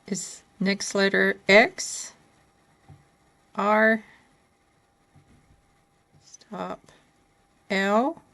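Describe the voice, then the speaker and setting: Slow, gravelly-voiced woman spelling letters. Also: mid-range voice, fairly even intonation. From Kentucky. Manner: patient, questioning, with occasional soft laughs. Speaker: reading out a letter board.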